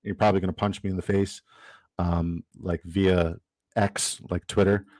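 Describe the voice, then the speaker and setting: A man chats loosely while running a fantasy football draft, full of fillers and restarts as he reacts to his chat. His voice sits on the low side. The sound is dry, with no room around it. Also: level tone, moderate pace, darkish tone, no room sound, low-quality recording. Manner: rambling, filler-heavy, reads chat aloud. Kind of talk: casual live-stream chat.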